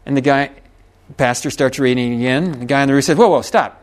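A man's voice: mid-range voice, flat delivery, fairly quick, clean tone. A middle-aged man preaching a sermon, telling a folksy story with chuckles and asides to the congregation. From Texas.

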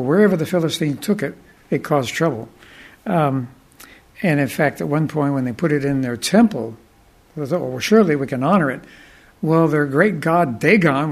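A man with a fairly high voice preaches a sermon, retelling a Bible story. He talks deliberately and drifts into thoughtful asides.

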